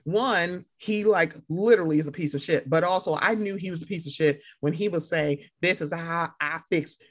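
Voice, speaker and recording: A young woman co-hosting a casual chat, animated and swearing, acting out other people in loud high voices. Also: moderate pace. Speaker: podcast co-host.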